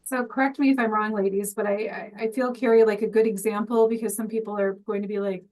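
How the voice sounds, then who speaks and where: A woman's voice: medium pitch, fast, few pauses, far from the mic, poor audio. A woman co-hosting a podcast, explaining earnestly with everyday examples. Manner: earnest, animated storyteller with examples. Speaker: podcast co-host. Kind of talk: casual spiritual chat. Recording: voice a bit off-mic.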